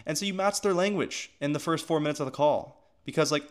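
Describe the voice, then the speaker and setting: A man's voice: fairly high pitch, quick pace. A man casually teaching how to run sales calls, talking loosely with lots of filler words and restarts. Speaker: agency coach.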